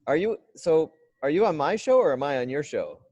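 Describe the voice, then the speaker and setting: A man from Canada hosting a podcast, talking in mock-earnest deadpan banter with halting restarts. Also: fairly high pitch, lo-fi sound. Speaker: podcast host. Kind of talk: deadpan comedic interview banter.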